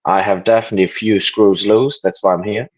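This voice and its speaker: A German man in his late twenties with a German accent, a guest chatting casually over a video call, relaxed and joking with many fillers. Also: lowish voice, fairly quick. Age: 20s. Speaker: interview guest. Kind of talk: casual interview chat. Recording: dull lo-fi video call audio.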